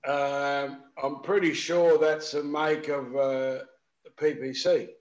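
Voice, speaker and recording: A man who speaks slowly and hesitantly in a casual chat. His voice sits a bit high and carries a roomy echo. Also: little pitch movement, dull audio.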